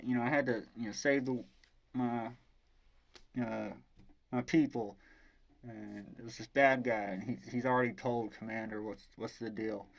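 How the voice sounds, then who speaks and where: A man's voice: medium pitch, steady tone, normal speed, vocal fry, rough recording. A man voicing a laid-back young alien hero in a casual, offhand tone close to his own voice.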